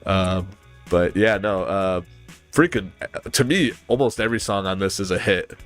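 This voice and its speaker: Rambling low-voiced man chatting about music. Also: normal speed, fairly bright tone. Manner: rambling, filler-heavy, mouths bass riffs aloud. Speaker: podcast panelist. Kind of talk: casual chat about music.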